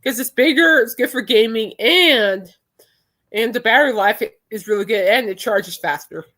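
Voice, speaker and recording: A woman's voice: on the high side, moderate pace, fairly bright tone. A young adult woman hosting a podcast in casual chat, rambling and laughing often. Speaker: podcast host.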